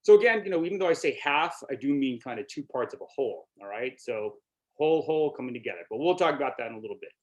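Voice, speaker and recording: A man's voice: mid-range voice, lively intonation, fast talker. Chatty middle-aged man presenting online. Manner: conversational, peppers speech with "you know" and "right?". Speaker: workshop presenter.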